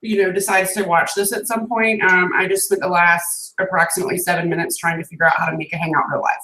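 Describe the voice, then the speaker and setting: An American woman with a lowish, fairly flat voice and a quick pace and sharp tone co-hosts a live video call, chatting in a friendly way and laughing often on the stream. She's heard through a webcam, with poor audio and an echoey room.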